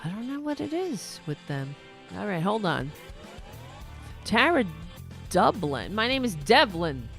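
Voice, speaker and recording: A woman's voice: medium pitch, sing-song, a little slow, pauses often, a bit bright, soft background music. A woman with a New York accent hosting a podcast, giving blunt, sarcastic commentary on clips. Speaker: podcast host.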